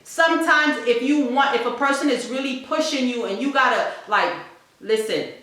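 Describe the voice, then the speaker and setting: A bright-voiced woman speaking with emphatic, preachy conviction and repeating her points. Her voice sits a little high. The recording rings with heavy room echo. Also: moderate pace. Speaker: family vlogger. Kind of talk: motivational talk. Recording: very echoey room.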